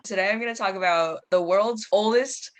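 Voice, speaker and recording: A woman's voice: mid-range voice, moderate pace. A teenage girl hosting a casual podcast, rambling and giggling often. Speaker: podcast host. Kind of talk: casual chat.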